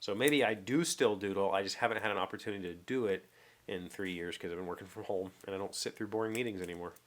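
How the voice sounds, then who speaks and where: A man's voice: fairly low pitch, fast. A man talking casually to his viewers in a daily vlog, rambling and correcting himself as he goes. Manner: rambling, self-correcting, chatty. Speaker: vlogger. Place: home workshop.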